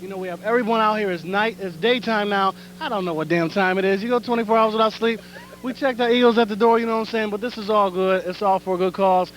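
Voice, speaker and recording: A man's voice: sits high, fast talker, poor audio. A man joking around on a live overnight telethon, loose and swearing, heard on an old TV recording. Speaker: telethon participant eating cereal. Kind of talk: joking live broadcast banter. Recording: old live TV tape with faint noise.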